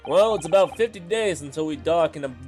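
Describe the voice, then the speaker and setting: Man doing a gentle polite young woman, earnest, raised pitch. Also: animated, brisk, lightly acted. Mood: reassuring. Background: game music.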